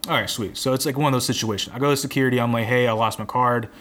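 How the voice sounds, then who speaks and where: A man's voice: medium pitch, steady tone, rapid-fire, fairly bright tone. A young man telling a rambling, exasperated story in casual chat, swearing now and then.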